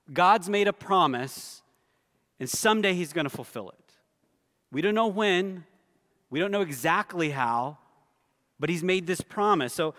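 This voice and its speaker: A male pastor delivers an earnest sermon with a fairly high voice. He slows and sinks to a hushed low tone on the words he wants to stress. The sound rings with the long reverb of a church hall. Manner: earnest preaching, drops low and soft for emphasis. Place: church sanctuary.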